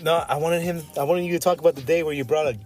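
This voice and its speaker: A man's voice: a little high, fairly even intonation, racing, a little mellow, soft background music. Young man hosting a casual podcast. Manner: eager, steering the talk, laughs often. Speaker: podcast host. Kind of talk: casual chat.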